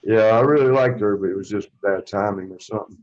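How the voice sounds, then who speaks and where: A former wrestler as an interview guest, telling stories casually in a rambling way, swearing freely and acting out what others said. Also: male voice, on the low side, fast, a little mellow, dull audio. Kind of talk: casual storytelling.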